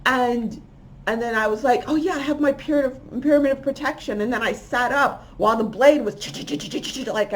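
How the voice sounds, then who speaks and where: A woman tells a long story of a vision in a casual, rambling way. She grows animated and puts on the voices of the people in it. Her voice sits at an ordinary middle pitch. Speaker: spiritual channel host.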